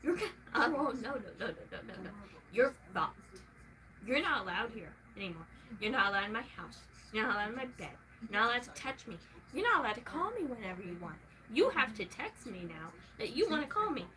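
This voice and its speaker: A young woman venting in a casual vlog, swearing freely and swinging from soft talk to loud shouting. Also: fairly high pitch, very animated, quick pace, slight background noise, poor audio.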